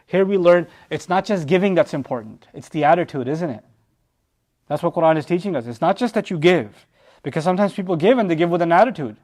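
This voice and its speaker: A man explains Quran verses at a quick clip, his voice sitting high. He keeps it lively, firing off rhetorical questions and slipping into the voices of people he describes. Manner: animated, rhetorical questions, acts out quoted voices. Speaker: Quran teacher.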